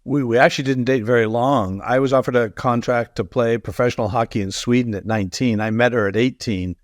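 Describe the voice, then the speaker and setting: A man's voice: mid-range voice, steady tone, fairly quick, dry recording, studio quality. A man speaking as a guest expert in a podcast interview, explaining through personal stories and laughing easily.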